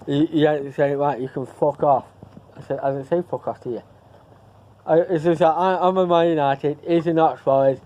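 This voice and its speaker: A man's voice: a little high, normal speed, dark tone, lo-fi sound. A man chatting casually to camera in a vlog, rambling and repeating himself as he loses his thread. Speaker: vlogger.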